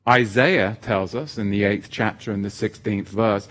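A middle-aged man preaching a sermon, animated, moving between intense emphasis and joking asides. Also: lowish voice, a little slow, hardly any pauses.

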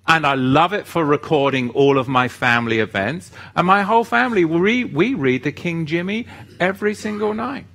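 A man hosting a religious livestream, reading viewer comments and chatting about scripture in an animated, fired-up way. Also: moderate pace. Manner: animated, gets fired up and swings his pitch. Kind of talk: casual livestream chat with scripture talk.

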